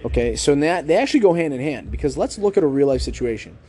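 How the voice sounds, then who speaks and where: Podcaster man with a mellow voice. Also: on the high side, expressive, breathy edge. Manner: deliberate, rising and falling tone to keep listeners hooked; conversational, with filler "like" and rhetorical questions. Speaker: podcast host. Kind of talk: casual book-review podcast monologue.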